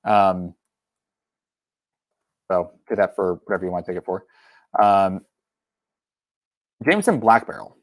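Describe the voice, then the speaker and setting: A young man with a fairly low voice hosts a casual livestream chat. He rambles, stops and restarts his sentences, and fills the gaps with ums. The sound is dry and close, with no room echo. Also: lively intonation, measured pace, long pauses. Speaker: whiskey channel host.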